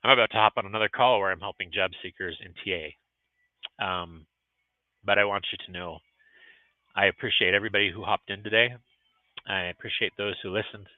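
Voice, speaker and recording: A man's voice: on the low side, fairly even intonation, a little fast, pauses often, no room sound. A middle-aged man hosting a motivational livestream vlog from a restaurant, talking in an earnest, encouraging way. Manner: earnest and encouraging, emotional at times. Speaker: vlogcast host. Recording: tinny phone-like audio.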